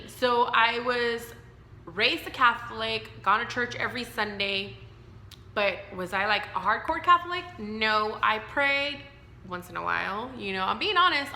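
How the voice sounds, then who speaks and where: A vlogger in her thirties tells her own story to the camera, candid, emotional and rambling with filler words. Her voice is fairly high and sharp, recorded in a roomy space with a little hiss or hum.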